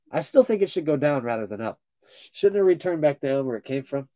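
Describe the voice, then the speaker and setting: A man's voice: a little high, expressive, normal speed, warm tone, no room sound. A man hosting a playful livestream in a costume persona, joking around and reading viewer comments aloud. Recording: dull lo-fi livestream audio.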